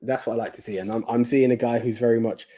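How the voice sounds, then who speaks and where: A man's voice: mid-range voice, level tone, fast, dark tone. A man co-hosting a podcast in casual chat, often stumbling and repeating words as he thinks. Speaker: podcast co-host.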